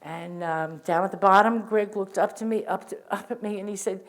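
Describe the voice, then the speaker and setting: A woman's voice: mid-range voice, moderate pace, few pauses. Older woman giving an earnest spoken testimony. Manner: earnest, vivid storytelling with frequent restarts. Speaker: witness sharing testimony. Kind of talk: first-person spoken testimony.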